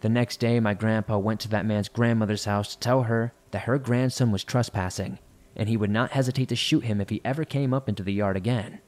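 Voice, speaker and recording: Low-voiced man narrating horror stories. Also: fairly even intonation, a little fast, a little mellow. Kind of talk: scripted narration of listener stories.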